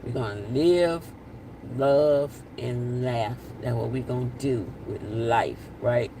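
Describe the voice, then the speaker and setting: A man's voice: medium pitch, slow. Chatty man on a live stream. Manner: chatty, repeats himself, signs off with blessings. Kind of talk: casual live chat reading comments. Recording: distant mic with faint outdoor noise.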